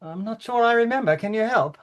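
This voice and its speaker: A man's voice: high-pitched, expressive, fairly quick, lo-fi sound. A man playing a fragile, fussy older king in a rehearsal over a video call, hesitant and apologetic with little stammers. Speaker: actor in rehearsal.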